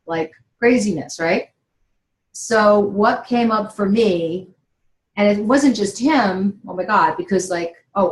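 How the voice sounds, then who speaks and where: A middle-aged woman speaks earnestly and with feeling, sharing a personal story as a motivational talk. Her voice sits at an ordinary pitch, and the room around her has a noticeable echo. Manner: earnest and emotional, laughs between words. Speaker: inspirational speaker. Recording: roomy echo.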